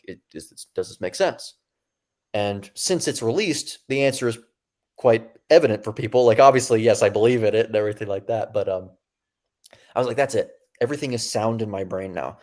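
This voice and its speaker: A young man in his twenties, a podcast guest telling his own story in a casual, animated way, often acting out what people said. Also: on the low side. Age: 20s. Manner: animated, acts out quoted dialogue; casual, many fillers and restarts. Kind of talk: storytelling in an interview.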